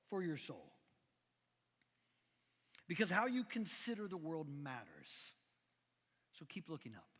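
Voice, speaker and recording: A middle-aged man from Missouri preaching a conversational sermon, animated and full of restarts. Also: high voice, slightly rough. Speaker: pastor. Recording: long echoing hall reverb.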